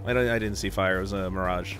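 A man streaming a video game with friends, excitable, laughing often and swearing freely. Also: sits low, quick pace, soft background music. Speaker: gaming streamer. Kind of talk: casual gaming banter.

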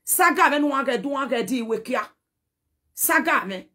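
A Nigerian woman delivers a heated message straight to camera, her voice husky and pitched a little high. She scolds and pleads by turns, running Pidgin and a local language together. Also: expressive, normal speed, pushed and bright. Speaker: social media personality.

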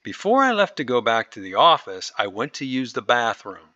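A man reads a listener's story aloud in a lively voice that swings up and down, and he keeps stopping to add his own asides. His tone is bright and forward. The recording is dry and a little dull, as if made on a lo-fi close mic. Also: medium pitch, moderate pace, no echo. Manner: animated storytelling, breaks in with asides. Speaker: story reader and commentator.

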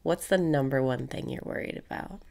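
A woman leading a guided meditation, calm and blunt, repeating breathing cues, swearing casually and sometimes dropping into breathy whispers. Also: extremely low pitch, fairly quick.

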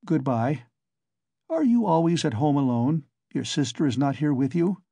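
A man reading the part of a nervous, hesitant young man who speaks in a halting, awkward way. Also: a little high, expressive, creaky, dark tone, no echo, highs cut off. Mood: offhand.

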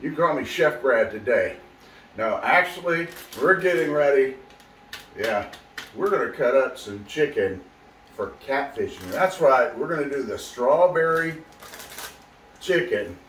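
A man's voice: mid-range voice, animated, a little slow, fairly bright tone, a little hiss or hum. A man hosting a casual how-to fishing video, chatty and folksy as he talks to viewers. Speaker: fishing channel host. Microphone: camera mic, filmed by a helper.

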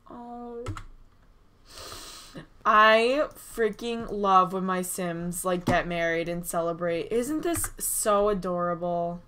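A woman giving chatty, excitable commentary over a life-sim game, recorded on a desk mic at her computer. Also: mid-range voice, takes it slowly, clear, resonant tone. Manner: chatty and excitable, frequent "oh my gosh" and small gasps. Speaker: gaming YouTuber. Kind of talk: casual gameplay commentary.

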